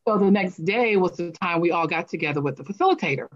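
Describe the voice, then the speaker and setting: Lively woman storyteller, lo-fi sound. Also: lowish voice, fast talker. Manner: animated storyteller who acts out quotes. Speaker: guest, speaker and coach. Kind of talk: casual interview storytelling. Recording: dull lo-fi sound.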